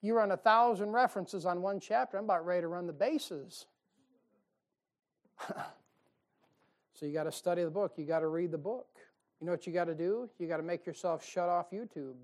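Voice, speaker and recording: A man's voice: high-pitched, a little fast, long pauses. A man preaching a fiery sermon from a church pulpit, folksy and emphatic. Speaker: pastor. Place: church sanctuary.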